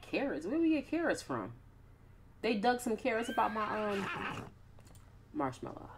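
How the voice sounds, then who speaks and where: A woman's voice: mid-range voice, very animated, a little slow, background noise. A young woman casually commenting on her life-sim gameplay with playful, slangy asides. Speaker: gaming YouTuber.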